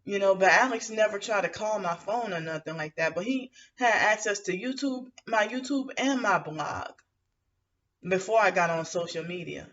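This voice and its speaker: A woman vents to camera in a rambling, indignant monologue, stopping and restarting her sentences and leaning on fillers. Her tone is bright and edgy. The sound is muffled and lo-fi, and she sits some distance from the mic. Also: mid-range voice, moderate pace, slight background noise. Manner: aggrieved, indignant. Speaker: vlogger.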